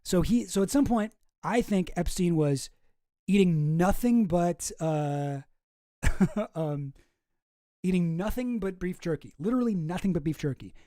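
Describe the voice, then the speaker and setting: A man's voice: high voice, animated, unhurried, warm tone, dry recording, clean studio sound. A man hosting a casual commentary show, reading emails aloud with chuckling asides. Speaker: host.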